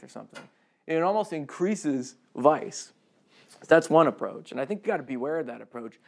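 A man's voice: fairly high pitch, animated, a little fast, vocal fry. A man preaching a conversational sermon, chatty and self-deprecating, with humorous asides.

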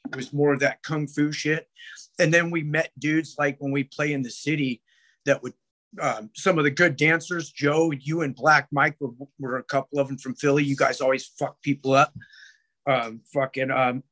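A man's voice: mid-range voice, a bit bright. A man as a podcast guest, telling rambling stories with heavy swearing and many restarts. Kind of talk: casual podcast chat.

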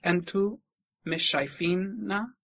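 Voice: medium pitch, rapid-fire, fairly bright tone, no echo. A student in a spoken language lesson giving brief answers and repeating phrases.

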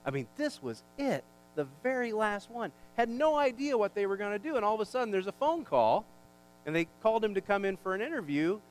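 A male pastor preaching a sermon, building in pitch and volume for emphasis, with folksy asides and jokes. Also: big pitch swings, fairly quick, poor audio. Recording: faint mains hum.

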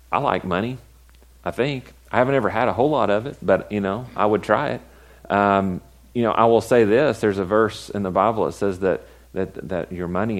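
A middle-aged pastor giving a sermon in an easy, conversational manner. He talks to the congregation as if chatting with them and keeps asking rhetorical questions. His voice sits low.

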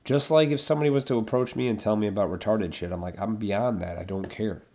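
A man's voice: lowish voice, fast talker, a little mellow. A middle-aged man talking casually to his viewers, ranting bluntly and swearing freely as he airs strong opinions. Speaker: vlogger. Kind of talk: casual monologue to camera.

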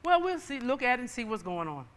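A woman preacher voicing a calm, matter-of-fact male mechanic, in a hall with long reverb. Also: on the high side, fast.

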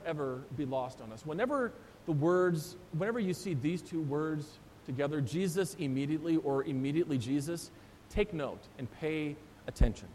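A pastor preaching a sermon, retelling the story with animated voices for the disciples. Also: male voice. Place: church sanctuary. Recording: long church reverb, faint rumble.

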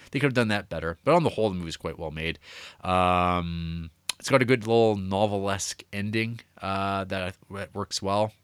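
A man with a slightly low voice rambles through a casual podcast chat, piling up fillers and swearing when he gets excited. The recording is dry and close, with no room echo. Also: clean tone. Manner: rambling, enthusiastic, lots of fillers and profanity. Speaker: podcast co-host reviewing movies.

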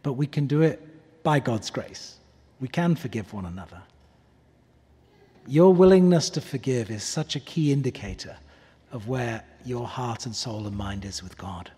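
Earnest pleading preacher guy, husky, voice echoing through a big church. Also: mid-range voice, lively intonation, normal speed. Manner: earnest, pleading, drops softly on key words. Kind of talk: sermon. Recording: long reverb of a large hall.

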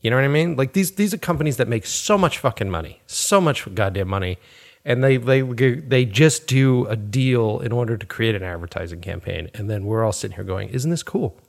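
A man's voice: medium pitch, lively intonation, a little fast, vocal fry. A man in his forties co-hosting a podcast, chatting casually in a profane, sarcastic rant. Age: 40s. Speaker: podcast co-host. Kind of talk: casual chat.

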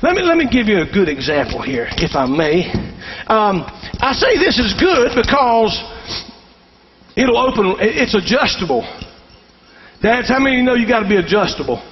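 A man's voice: high voice, big pitch swings, moderate pace, pauses often. A middle-aged man preaching a folksy sermon to fathers, calling for amens from the crowd. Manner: folksy Southern-style preaching with call-and-response. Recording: dull sound in a reverberant hall.

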